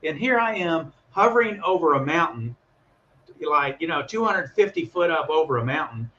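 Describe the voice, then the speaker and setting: Animated man telling stories over a lo-fi line. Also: fairly high pitch, moderate pace, slight background noise. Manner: animated, acts out voices in his stories. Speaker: guest calling in. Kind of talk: casual storytelling chat.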